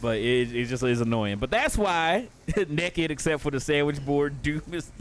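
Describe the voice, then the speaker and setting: Brief: chatty, foul-mouthed male streamer, slightly high voice, laughs often. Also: expressive, normal speed, faint music behind. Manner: profane, rambling, laughs often. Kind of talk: casual live gameplay commentary.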